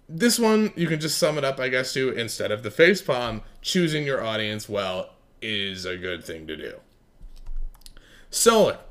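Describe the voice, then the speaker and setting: Blunt, profane man with lively pitch. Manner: swings between loud bursts and muttered asides. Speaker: writing contest judge. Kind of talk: recorded critique of contest entries.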